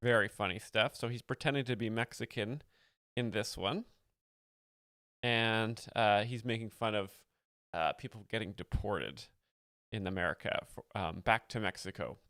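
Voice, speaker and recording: A man hosting a livestream, explaining jokes in a mock-earnest, deadpan way with lots of fillers. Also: lowish voice, moderate pace, no room sound, studio quality. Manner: mock-earnest, reading chat, many fillers. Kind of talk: deadpan satirical commentary.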